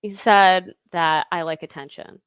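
A woman's voice: lowish voice, fairly even intonation, unhurried, a bit bright, smooth, no echo. A woman guest on a talk show, casually denying accusations and laughing them off. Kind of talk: casual heated argument.

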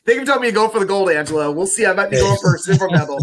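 A man co-hosting a podcast, chatting casually and reacting with quick laughs. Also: sits high, expressive. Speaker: podcast co-host. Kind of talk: casual chat.

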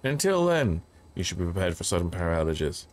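A man's voice: deep voice, big pitch swings, fast talker. A man streaming a horror game, reading notes aloud and joking as he plays. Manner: jokey, reads notes aloud, yelps when startled. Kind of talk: casual gameplay commentary.

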